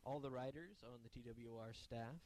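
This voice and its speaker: A man's voice: medium pitch, moderate pace, darkish tone, slight background noise. A man co-hosting a casual podcast, rambling through announcements with lots of fillers. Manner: rambling, filler-heavy delivery. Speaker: podcast co-host.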